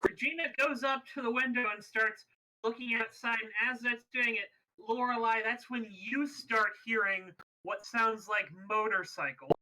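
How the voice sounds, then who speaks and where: A man narrating as game master of a tabletop game, halting often with fillers. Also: very high-pitched, bright, forceful tone, low-quality recording. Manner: hesitant, filler-heavy.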